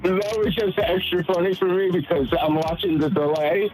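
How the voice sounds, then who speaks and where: A man co-hosting a casual call-in show in chatty, easily amused banter. His voice sits high for a man. A loud music bed runs behind him. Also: steady tone, normal speed, low-quality recording. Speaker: co-host.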